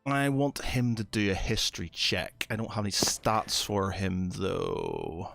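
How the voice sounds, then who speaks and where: Brief: slow, halting male game master, middle pitch, dry close sound. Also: big pitch swings, creaky, a bit bright, no echo, soft background music. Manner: hesitant, many fillers, slow. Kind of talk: narrating a tabletop game.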